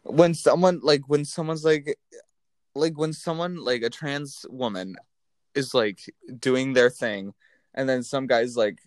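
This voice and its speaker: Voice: mid-range voice, measured pace, no echo. Indignant young speaker, dry close mic. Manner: indignant, reactive, stammering restarts. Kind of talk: casual ranting chat.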